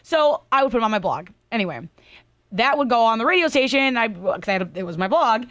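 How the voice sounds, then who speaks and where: A young adult woman co-hosting a podcast, telling stories in a chatty, animated way. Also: on the high side, fast, no room sound, studio quality. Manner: chatty, animated storytelling with laughs. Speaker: podcast co-host. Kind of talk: casual chat.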